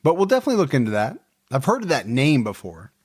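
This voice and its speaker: A man's voice: mid-range voice, huge pitch swings, fast, husky. A man hosting a podcast, chatting casually and easygoing with his co-host. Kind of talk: casual chat.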